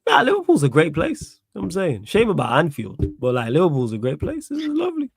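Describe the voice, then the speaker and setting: A man's voice: fairly high pitch, huge pitch swings, fast talker, gravelly, a little hiss or hum. A young man from Manchester with a Mancunian accent, hosting a casual football chat, laid-back and slangy, laughing often. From Manchester, England. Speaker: podcast host.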